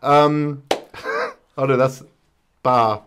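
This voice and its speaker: A British man co-hosting a music reaction video, talking in excitable, slang-heavy banter. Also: mid-range voice, drawn-out words, background noise. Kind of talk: casual reaction chat.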